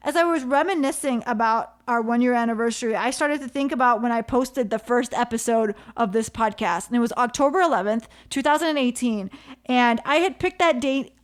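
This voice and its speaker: A woman hosting her own podcast, telling a personal story in an animated way and repeating phrases for emphasis. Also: fairly high pitch, brisk. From Canada. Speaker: podcast host. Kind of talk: solo podcast monologue.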